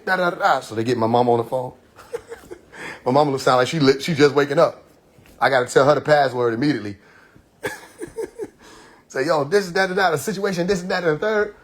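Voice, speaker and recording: Husky man telling a story with laughs. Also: a little high, moderate pace, pauses often. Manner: animated, laughing often, acts out quoted dialogue. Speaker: live stream host. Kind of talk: casual storytelling monologue. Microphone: phone livestream.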